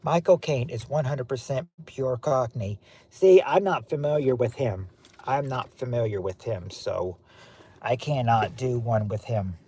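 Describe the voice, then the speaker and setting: This man, from the southern United States and speaking with a Southern accent, hosts a casual stream at a measured pace. His medium-pitched voice is dark with a breathy edge, and he rambles and repeats himself to his chat.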